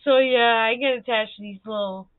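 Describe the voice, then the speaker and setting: A high-voiced young woman chats on her livestream, animated and quick to swear, acting out the people in her stories. The sound is dry and thin, like a phone line. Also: dry recording. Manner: animated, swears freely, acts out quoted voices. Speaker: livestream host. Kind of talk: casual livestream chat.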